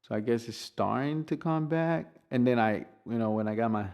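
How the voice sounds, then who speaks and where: Gravelly man rambling on his podcast. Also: mid-range voice, normal speed, a little mellow. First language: Spanish. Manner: rambling, swears freely, many restarts. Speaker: podcast host. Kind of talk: casual solo podcast monologue.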